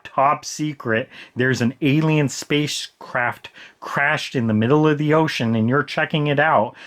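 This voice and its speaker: Exasperated man ranting about a book. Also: on the high side. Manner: exasperated, repeatedly insulting a character; casual, many filler words. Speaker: book reviewer.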